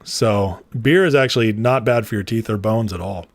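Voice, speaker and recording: A man's voice: lowish voice, moderate pace, dry recording. A man hosting a casual political commentary livestream, chatty and rambling, laughing often as he talks to his viewers.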